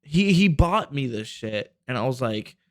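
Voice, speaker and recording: Speaking at a measured pace in a sing-song, somewhat bright medium-pitched voice, this young co-host spins a long, rambling podcast story. His casual chat is profane and filler-heavy, and the studio sound is clean with no room ambience.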